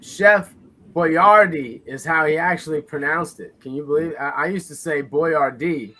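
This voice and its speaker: A man's voice: fairly high pitch, fairly even intonation, fast, sharp tone. A man co-hosting a live sports watch party stream, loose and joking as he chats with viewers. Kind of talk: casual live-stream chat.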